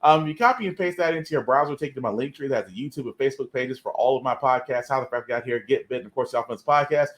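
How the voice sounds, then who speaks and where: A man's voice: mid-range voice, fast talker, hardly any pauses, a bit bright. A man hosting a live podcast, talking in an earnest, emphatic way and repeating his points. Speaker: podcast host. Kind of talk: casual live podcast commentary.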